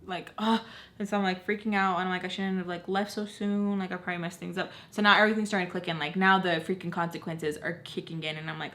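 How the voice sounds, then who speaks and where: A young adult woman vlogger chatting through a storytime, retelling events in an animated, casual way full of likes. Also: lowish voice, fast.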